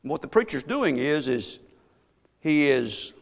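A man preaching in a large hall, his voice carrying a long reverb. He tells a story with a lively, swooping delivery, dropping to near-whispered asides and then rising to loud, high-pitched emphasis. His voice sits a little high for a man. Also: measured pace. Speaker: pastor. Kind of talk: sermon.

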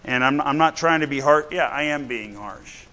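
With a fairly high pitch and a pushed, bright sound at normal speed, a man preaches to a church congregation that calls back. His style is blunt and chatty, and he keeps asking "right?" to keep listeners with him.

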